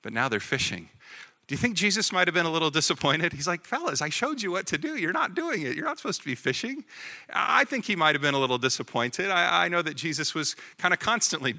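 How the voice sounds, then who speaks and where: Man, pastor, sermon, very bright voice, slightly high pitch, casual preaching with restarts. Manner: conversational preaching, rising to animated emphasis; self-correcting, repeats words.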